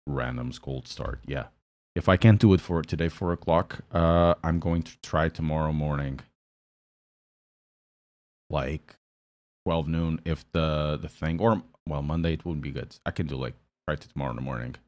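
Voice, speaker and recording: A man's voice: a bass voice, moderate pace, dry recording. A man with a Portuguese accent chatting casually on a live stream, joking and answering chat as he drives a sim race.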